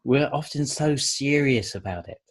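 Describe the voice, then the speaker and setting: A man's voice: medium pitch, moderate pace. A man hosting an interview podcast, asking questions in an easygoing, affable way and laughing easily. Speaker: podcast host. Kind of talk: interviewing, casual chat.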